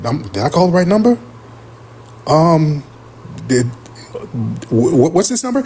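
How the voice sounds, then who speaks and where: Male livestream host, storyteller type, lively pitch, bit husky, jumps into voices. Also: slow, pauses often. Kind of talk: casual storytelling on a live stream.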